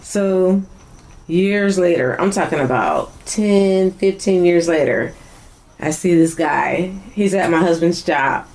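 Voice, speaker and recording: A woman co-hosting a podcast, telling stories in casual chat and animated when she quotes others. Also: fairly low pitch, slow, low-quality recording. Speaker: podcast co-host.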